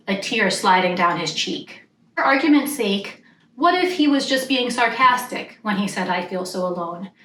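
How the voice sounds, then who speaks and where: A woman's voice: a little high, a bit bright, a little hiss or hum. A woman hosting a writing channel, explaining writing tips patiently and reading example sentences aloud. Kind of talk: casual writing tutorial. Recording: echoey room from a distance.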